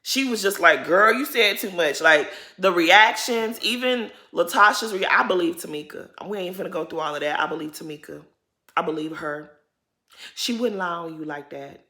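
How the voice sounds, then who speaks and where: Bright-voiced chatty woman vlogger. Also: lowish voice, moderate pace. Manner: animated, chatty, slangy commentary. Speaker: reality TV recap vlogger. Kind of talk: casual chat.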